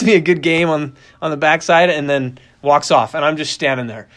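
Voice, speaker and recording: Young male storyteller, slightly high voice, animated and chatty, laughs easily. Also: moderate pace, hardly any pauses. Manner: animated, laughing, lots of fillers and restarts. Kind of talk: personal storytelling.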